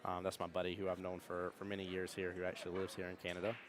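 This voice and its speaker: Deep-voiced, fast-talking man over a crowd. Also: monotone. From United States. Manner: chatty, rambling with restarts. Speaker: pool stream commentator. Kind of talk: live stream commentary. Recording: crowd noise.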